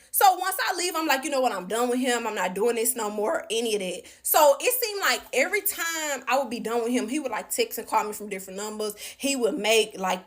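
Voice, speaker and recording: A woman telling a personal story to viewers in a chatty, animated way, full of fillers. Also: a little high.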